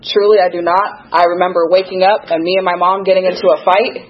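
A woman's voice: on the low side, level tone, fast, lo-fi sound. A young woman giving a candid, self-deprecating recovery testimony, laughing at her own past. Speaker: recovery speaker sharing her story.

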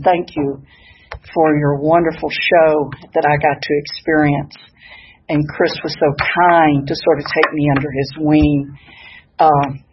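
An older woman with a deep, husky voice gives a warm, folksy, good-humored personal share to an audience in a hall at a sobriety meeting, laughing at herself along the way. The audio sounds dull.

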